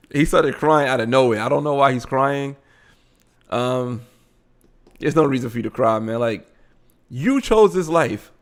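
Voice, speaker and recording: A man talks through a video in loose, blunt live commentary. His pitch jumps around a lot as he reacts. He keeps an unscripted, conversational flow. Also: slow, pauses often. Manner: animated, blunt, frequent laughing asides. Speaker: host of a live commentary show.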